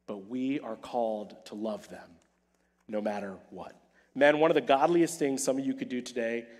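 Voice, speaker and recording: A male pastor preaching a sermon, animated and emphatic, repeating key phrases and playing out quoted dialogue. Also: medium pitch, long reverb tail.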